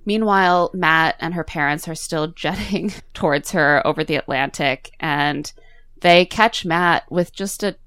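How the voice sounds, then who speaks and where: A woman hosting a casual podcast chat, retelling a movie plot with lively storytelling. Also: low voice, a little slow, clear, resonant tone, no echo. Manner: animated storytelling with mock quotes. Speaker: podcast host recapping a movie.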